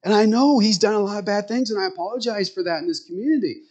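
A man voicing a reformed friend in a sermon, raising his pitch to sound eager and sincere. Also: fast talker. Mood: earnest. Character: earnest grown man, reformed and humbly joyful.

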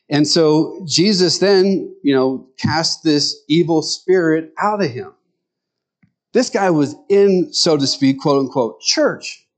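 A male pastor delivers a sermon in an easygoing, conversational way. He often pauses to ask his listeners rhetorical questions. His voice sits a little high for a man.

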